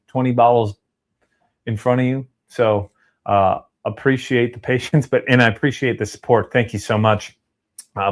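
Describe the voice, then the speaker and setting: A man hosting a casual livestream, chatty and upbeat as he reads out viewer donations and shout-outs. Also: medium pitch. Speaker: livestream host reading super chats.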